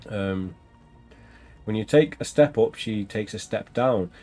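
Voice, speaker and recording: A man's voice: lowish voice, a little slow, darkish tone, faint music behind. A man reading a fantasy gamebook aloud while playing along on a livestream, casual with chatty asides. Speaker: player and reader.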